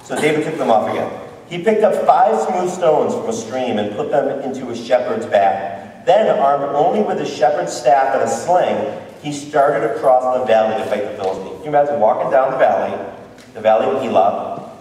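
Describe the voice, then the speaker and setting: A man's voice: mid-range voice, animated, normal speed, warm tone, slight background noise. A man preaching as a missionary, retelling a Bible story in a playful way and asking his audience questions. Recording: very echoey hall, voice from far off.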